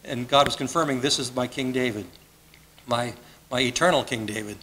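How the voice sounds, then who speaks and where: A male pastor delivers a sermon in an earnest, conversational way, repeating phrases as he builds a point. His voice is bright and forceful. Faint room ambience sits behind him in the church. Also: medium pitch, normal speed, a little hiss or hum, rough recording. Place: church sanctuary.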